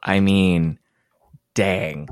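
A man's voice: sits low, steady tone, very slow, smooth, dry recording, clean studio sound. A man co-hosting a casual book podcast, easygoing, trailing into fillers as he thinks. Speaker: podcast co-host. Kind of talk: casual book-club chat.

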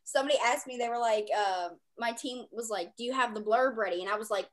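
A woman co-hosting a podcast, chatty and quick to laugh as she asks the questions. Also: fairly high pitch. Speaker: podcast co-host. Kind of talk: casual podcast chat.

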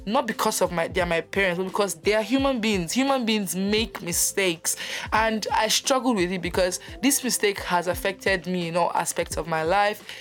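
A young woman hosting her own podcast, talking candidly and animatedly about her personal life, often laughing. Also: mid-range voice. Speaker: podcast host. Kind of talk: personal reflective monologue.

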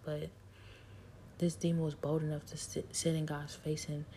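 A woman telling a personal spiritual testimony in an intimate, halting way, often sinking into a near whisper. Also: low-pitched, little pitch movement, dark tone, slight background noise. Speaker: speaker sharing her story.

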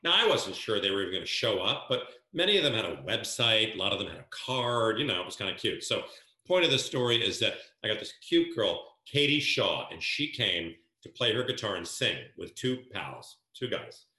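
A man from New Jersey, a guest telling stories in an animated way and acting out dialogue. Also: lowish voice, moderate pace, roomy sound. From New Jersey, USA. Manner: lively storyteller who acts out quoted dialogue. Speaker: guest, events planner. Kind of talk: animated storytelling.

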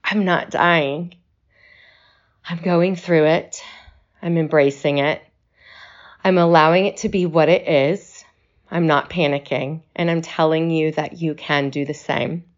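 Breathless woman, slow reflective talk. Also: sits low, steady tone, dull audio. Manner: slow, reflective, reassuring delivery. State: short of breath. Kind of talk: personal video message.

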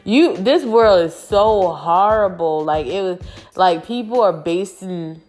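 A woman's voice: on the low side, animated, takes it slowly, a little mellow, soft background music. A woman talking straight to camera in a frank, emphatic, casual monologue that has some swearing.

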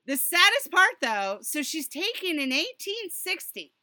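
A woman co-hosting a casual podcast, telling stories in an animated way and breaking into excited laughter. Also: extremely high pitch, unhurried, no room sound. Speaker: podcast co-host.

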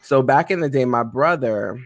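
A man's voice: medium pitch, moderate pace, dry recording, clean studio sound. A man co-hosting a podcast, from a Caribbean family, chatting casually and acting out quoted lines as he tells stories. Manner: animated storyteller, acts out quotes. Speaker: podcast co-host. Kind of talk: casual chat.

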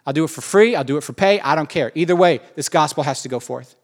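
Fervent apostle, single-minded, driven, repetitive declarations, a preacher putting him on, fairly high voice. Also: male voice, quick pace, natural voice. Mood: zealous. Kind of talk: sermon.

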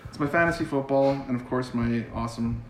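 A man's voice: medium pitch, fast talker, roomy sound, a little hiss or hum, poor audio. A man who is a podcast guest, chatting casually and joking in rambling banter. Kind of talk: casual chat.

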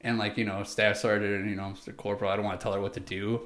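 A young man with a fairly low voice tells a casual story from his time in the service. He rambles, fills his speech with "like", and acts out the voices of the people in it. The room around him sounds echoey. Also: level tone, fast, a bit bright. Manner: rambling, lots of "like" and acted-out quotes. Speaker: former Marine recounting service.

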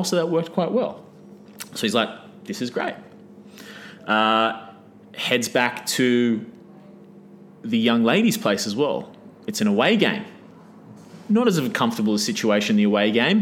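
A man's voice: mid-range voice, a little hiss or hum. A man telling a long, crude anecdote in a casual chat, swearing freely and breaking off with laughs and "right?" asides. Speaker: podcast guest. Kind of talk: casual storytelling.

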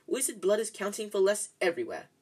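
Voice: mid-range voice, big pitch swings, fast, a little mellow, slightly rough, pitched above the performer's own voice. A reader voicing an oily, fawning male shopkeeper who bows to a rich customer. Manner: oily, bowing and scraping.

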